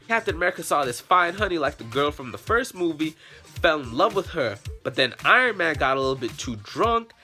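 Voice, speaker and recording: Animated young man, bright, swearing. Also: medium pitch. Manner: profane, slangy and animated. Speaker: vlogger. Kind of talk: comic story retelling.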